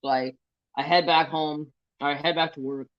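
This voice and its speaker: A man hosting a craft stream, telling a rambling story in a casual, animated way and swearing freely. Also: a little high, normal speed, no room sound. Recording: slightly dull, lo-fi sound.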